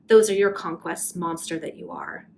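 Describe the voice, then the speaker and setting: A woman reading a furious, hoarse wronged young woman. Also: on the low side, huge pitch swings, normal speed, a little mellow, slight background noise, low-quality recording. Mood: accusing rage. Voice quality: hoarse with rage. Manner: accusing, scornful, imperious. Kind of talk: amateur reading of a Victorian novel.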